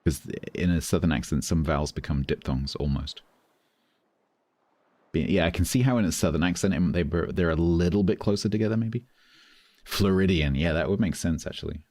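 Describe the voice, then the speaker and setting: Middle-aged British streamer, low deep voice, dry close mic, chatty and amused. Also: male voice, fairly quick, a little mellow, dry recording. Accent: British English. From Britain. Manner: chatty, amused, reads out chat thanks. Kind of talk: casual live-stream chat.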